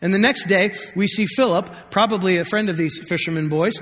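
A man's voice: high voice, a little fast, a bit bright. A man preaching a sermon as pastor, conversational and joking, acting out scripture quotes. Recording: long hall reverb.

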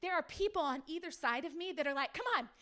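A woman pastor preaching a sermon, telling stories in a lively way, acting out the people in them and putting questions to her listeners. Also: high voice, fast talker. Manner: lively storytelling, acts out quoted people; speaks to the audience directly with questions.

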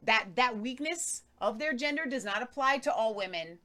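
Animated bright-voiced woman co-host. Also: fairly high pitch, moderate pace. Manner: emphatic, reads viewer comments aloud. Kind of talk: casual news commentary.

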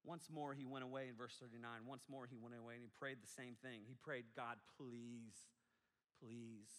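A man preaching a sermon in a casual, animated way, breaking into asides and acting out quotes, heard in an echoey hall. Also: mid-range voice. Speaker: pastor.

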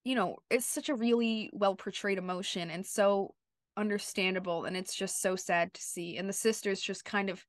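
Chatty podcast lady, mid-pitched, lots of likes and you-knows, dry close sound. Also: steady tone, normal speed, no echo. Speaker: podcast co-host. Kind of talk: casual chat.

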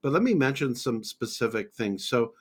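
A man's voice: mid-range voice, animated, normal speed, slightly rough. A man teaching on a Bible podcast, methodical and conversational, laying out points one by one with scripture references.

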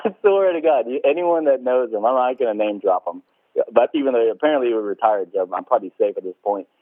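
A man's voice: mid-range voice, lively intonation, fast talker, dry recording. A man telling stories in casual chat, laid-back, swearing a lot and laughing as he talks. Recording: tinny phone-like line.

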